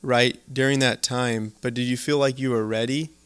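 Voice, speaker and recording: A man's voice: medium pitch, steady tone, moderate pace, fairly bright tone, smooth. A man hosting a podcast, asking long, rambling questions and encouraging his guest with short affirmations. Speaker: podcast host. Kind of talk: conversational interview.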